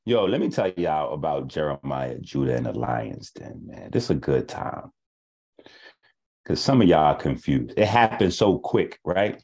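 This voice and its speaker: A man's voice: a bass voice, big pitch swings, measured pace, a little mellow. A man hosting an online talk show, delivering a casual, profane monologue and acting out the people he argues with.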